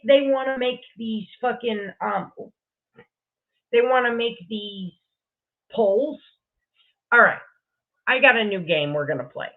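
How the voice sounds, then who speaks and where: A woman co-hosting a livestream, talking in a crude and combative way. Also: medium pitch. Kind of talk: casual ranting livestream chat. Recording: tinny phone-like call audio.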